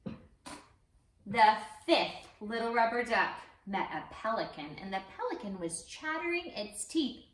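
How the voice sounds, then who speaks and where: High, lively woman leading baby story time. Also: unhurried. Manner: animated, sing-song, coaxing children to join in. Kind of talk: interactive story time for babies. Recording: roomy, from off-mic.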